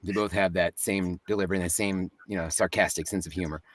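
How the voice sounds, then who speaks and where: Joking low-voiced man, a bit off-mic. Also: steady tone, fast, no echo, recorded from a distance. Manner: chatty, joking, laughs often. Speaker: guest voice actor. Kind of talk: casual interview chat.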